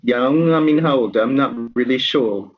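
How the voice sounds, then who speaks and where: A man's voice: medium pitch, normal speed, lo-fi sound, natural voice. A man playing a hesitant tavern keeper woman. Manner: hesitant, full of ums.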